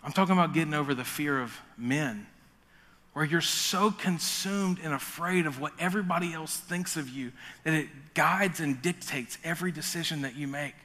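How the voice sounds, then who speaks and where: High, bright-voiced preaching man in reverberant hall. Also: moderate pace. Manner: energetic, joking preacher. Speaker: pastor. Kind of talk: sermon.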